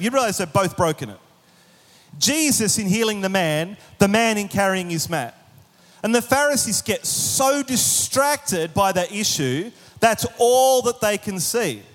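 A man preaching a sermon in an animated way, with humorous asides and acted-out voices. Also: high-pitched, in a large hall. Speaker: pastor.

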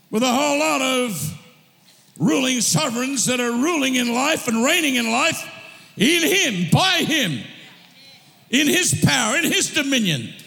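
A male pastor delivers a sermon in a high, gravelly voice. He stretches his words out slowly, then breaks into shouted declarations. His voice rings through a hall with a long reverb. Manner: impassioned, shouting declarations, then drawn-out teaching.

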